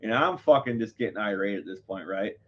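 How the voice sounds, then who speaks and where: A man's voice: fairly low pitch, fairly quick. A man hosting a live show, telling viewers a story in a heated, profane, rambling way. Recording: dull lo-fi audio.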